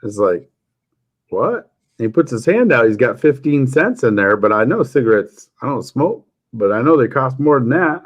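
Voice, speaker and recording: A man's voice: medium pitch, expressive, moderate pace, hardly any pauses. Joking man telling a story. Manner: jokey storytelling, chuckles often. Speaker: livestream host. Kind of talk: casual chat.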